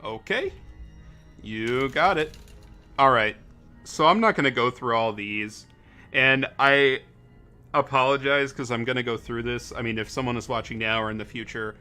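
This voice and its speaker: A man's voice: medium pitch, sharp tone. A young man casually commenting on a game during a live stream, rambling, correcting himself and laughing a lot.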